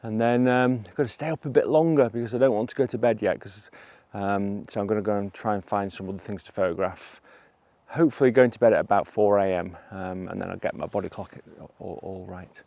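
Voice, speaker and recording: A middle-aged man, a landscape photographer, talking through his shots outdoors on a hillside, with excited, breathless bursts of wonder. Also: fairly low pitch, a little fast, gravelly, dry recording. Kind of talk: outdoor vlog narration.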